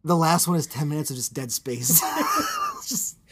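Man, podcast co-host, animated pitch, jokey riffing, casual chat. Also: unhurried, husky, shouting. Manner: riffing and jokey, spinning out bits.

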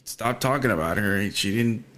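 A man's voice: on the low side, normal speed, a bit bright. Laid-back slangy man on a podcast. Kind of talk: casual podcast chat.

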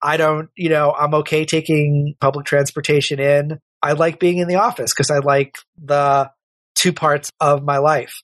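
A man's voice: fairly high pitch, flat delivery, normal speed, a bit bright, no echo. A middle-aged man talking as a podcast guest in a casual, candid, rambling way, often correcting himself. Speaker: podcast guest, working father. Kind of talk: casual conversational interview.

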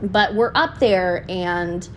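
This podcast host from the United States speaks slowly in a lowish voice, with a slight hiss or hum in the recording. Her monologue is casual and heartfelt, often growing emotional, and she fills it with "you know."

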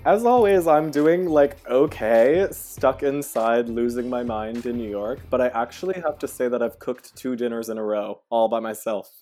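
A man in his twenties co-hosting a podcast in casual chat, wry and quick to laugh. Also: medium pitch, mellow, soft background music. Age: 20s. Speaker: podcast co-host. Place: indoors at home.

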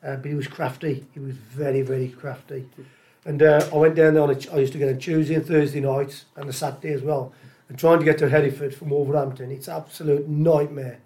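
A middle-aged man tells football stories in a loose, chatty way, acting out what people said to him. His voice sits a touch high for a man, and he rattles through the tales with easy good humour. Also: fast talker. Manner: chatty, animated anecdotes with acted-out dialogue and laughter. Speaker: interview guest, former footballer. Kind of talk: casual storytelling.

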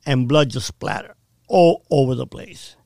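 A man's voice: mid-range voice, animated, unhurried, gravelly, mellow, no echo, studio quality. A middle-aged man telling a harrowing personal story in blunt, vivid casual talk, often checking in with "right?". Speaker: podcast guest.

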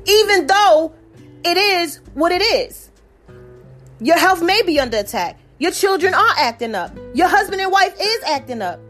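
A woman preaching with fervor, her voice sitting high and bright as she stacks one declaration on another. Faint music plays softly underneath her words. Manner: fervent, repetitive declarations. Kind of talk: sermon and prayer.

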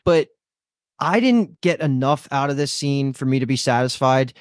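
A man's voice: mid-range voice, animated, normal speed, dry recording, clean studio sound. A man hosting a casual podcast discussion, chatty and rambling, swearing now and then. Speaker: podcast host.

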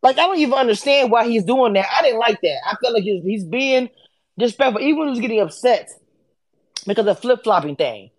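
Sassy woman w/ running a live audio chat, kinda high voice, big swings when she acts stuff out. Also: fast talker. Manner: animated, sassy, acts out quotes with swings in pitch. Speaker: host of a reality TV discussion space.

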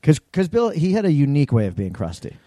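Relaxed casual male podcast co-host. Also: fairly high pitch, fast, dry recording, clean studio sound. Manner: profane, anecdotal storytelling. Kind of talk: casual chat.

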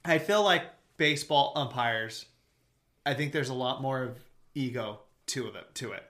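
Young male podcast co-host, casual and rambling, with a bright tone. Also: medium pitch. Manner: rambling, quick bursts of talk. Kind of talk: casual sports chat.

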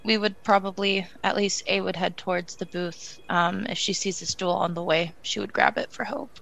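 A woman chats casually as a player in a tabletop game. Her voice has a strong gravelly fry. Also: mid-range voice, steady tone, moderate pace, fairly bright tone.

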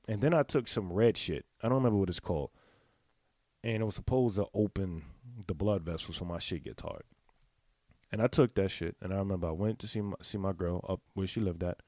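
A man in a casual, candid monologue, talking straight to his viewers in blunt, profane slang and clearing his throat now and then. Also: deep voice, mellow, dry recording, studio quality. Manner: confessional, speaks to the audience directly. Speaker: vlogger giving sex advice.

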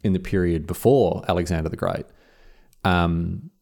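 A man's voice: low voice, fairly even intonation, moderate pace, vocal fry, a little mellow. A man in his thirties co-hosting a podcast in casual chat. He laughs often and restarts his sentences. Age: 30s. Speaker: podcast co-host.

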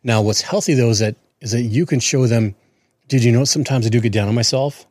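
A man's voice: medium pitch, quick pace, darkish tone, no room sound, clean studio sound. A man in his forties co-hosting a podcast, chatting earnestly and often restarting his words. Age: 40s. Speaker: podcast co-host. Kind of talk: casual chat.

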